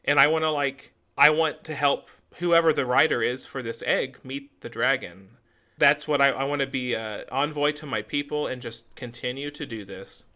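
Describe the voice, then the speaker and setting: With a medium-pitched voice that sounds pushed and bright, this young podcast co-host speaks at normal speed. He's in casual chat, retelling a story and voicing the characters' lines.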